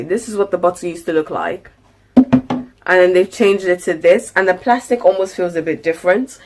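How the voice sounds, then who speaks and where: Chatty woman, low voice. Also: a little mellow. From United Kingdom. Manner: chatty, rambling, lots of fillers. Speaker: lifestyle vlogger. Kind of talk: casual grocery haul chat. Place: at home.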